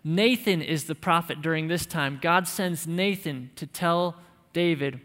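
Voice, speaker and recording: A man's voice: on the high side, unhurried, fairly bright tone. Male preacher in a reverberant hall. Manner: emphatic, conversational, with light humor. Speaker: pastor. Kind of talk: sermon.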